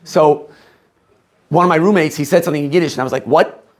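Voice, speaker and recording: A man from Maryland, USA, teaching a class of rabbinical students in a lively, questioning way, laughing often. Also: on the high side, fast talker.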